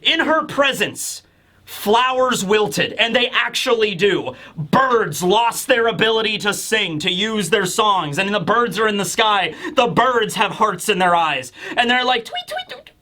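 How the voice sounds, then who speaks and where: A man giving a casual, animated manga chapter review, laughing often and acting out characters. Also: sits high, a little slow.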